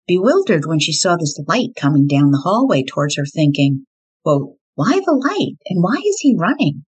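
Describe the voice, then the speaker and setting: Low husky woman narrating true crime. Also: rough recording. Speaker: podcast host.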